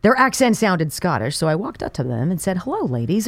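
A woman radio host trading corny jokes on air, her pitch leaping around with lively, animated delivery. She giggles and hams up the punchlines. The sound is dry and close, straight from a studio mic. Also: fairly quick, no echo. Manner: animated, giggly, exaggerated joke voices. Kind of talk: casual joke-telling banter.

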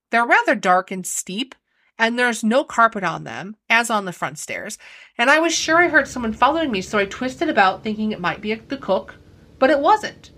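A woman's voice: medium pitch, sharp tone, no echo, clean studio sound. A woman voicing a timid young housemaid who speaks in a rustic, deferential servant's way.

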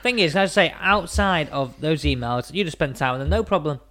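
Higher-voiced man in casual chat. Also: expressive, brisk, sharp tone. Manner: chatty, reacting and agreeing.

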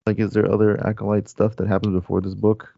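A man's voice: lowish voice, monotone, fast talker, vocal fry, mellow, lo-fi sound. A man chatting casually on a podcast panel, asking questions and laughing along with the others. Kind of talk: casual chat.

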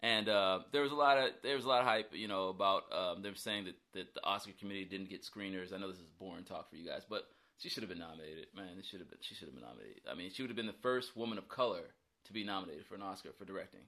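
Fast-talking bright-voiced man, joking actor guest. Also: sits low. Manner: rambling, joking, self-deprecating. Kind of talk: casual interview chat.

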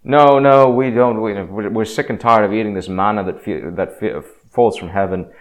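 A man's voice: on the low side, steady tone, normal speed, lightly acted. A man voicing complaining Israelites in a petulant, whining tone during a casual retelling. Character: whiny complaining Israelite men.

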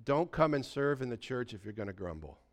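A man's voice: mid-range voice, big pitch swings, a little fast. A pastor in his sixties preaching a sermon in a conversational storytelling way, often checking in with his listeners.

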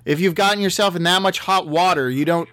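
A man giving a comedic, rambling monologue as a vlogger, talking in a dry, halting way with many fillers and restarts. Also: sits high, fairly bright tone, dry recording. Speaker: vlogger answering a magazine quiz.

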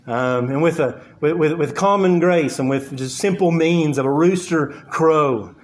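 A man preaching a sermon, earnest and halting, with frequent fillers and repeated words as he works through the scripture. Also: a little high. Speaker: pastor.

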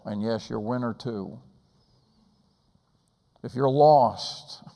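Urgent preacher with hall echo. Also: male voice, medium pitch, darkish tone. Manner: urgent, pleading, rhetorical questions. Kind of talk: sermon. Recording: long hall reverb.

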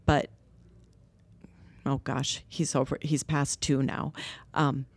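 A woman with a low, gravelly voice tells a heartfelt story in a conversational interview. She talks earnestly and lifts her voice when quoting others. The sound is close and dry, with no room echo. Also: level tone, slow pace. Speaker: nursery co-founder.

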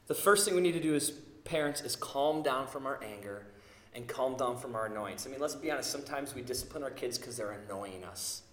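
Bright-voiced pastor preaching in an echoey hall. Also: male voice, medium pitch. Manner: animated storytelling, acting out quotes. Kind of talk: sermon.

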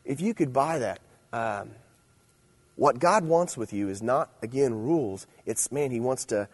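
Husky animated preacher man. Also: mid-range voice, unhurried. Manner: animated, swinging between loud emphasis and quiet asides. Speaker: youth speaker. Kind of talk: sermon.

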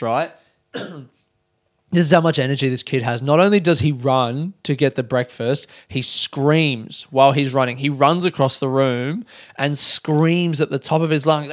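An Australian man in his thirties, hosting a solo podcast, telling rambling, profane stories and acting out shouts. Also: medium pitch, fairly even intonation, moderate pace, no echo, studio quality. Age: 30s. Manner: rambling, swears freely, acts out shouts. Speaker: podcast host. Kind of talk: casual solo storytelling.

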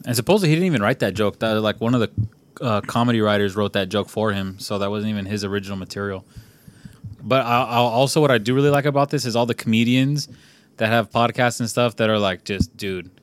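A man's voice: on the low side, quick pace. A young man hosting a podcast, talking loosely and profanely and rambling with plenty of "like" as he chats with friends. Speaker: podcast host. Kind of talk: casual podcast chat.

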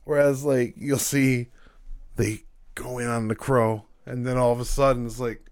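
A man's voice: medium pitch, steady tone, normal speed, a little mellow, no echo, clean studio sound. A man in casual, profane podcast chat about wrestling, laughing often. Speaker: podcast co-host.

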